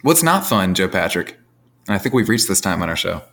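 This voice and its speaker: A man with a fairly low voice trades wry, joking banter as a podcast co-host. His delivery is loose and conversational. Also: big pitch swings, a little fast, creaky, fairly bright tone. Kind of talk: casual sports podcast chat.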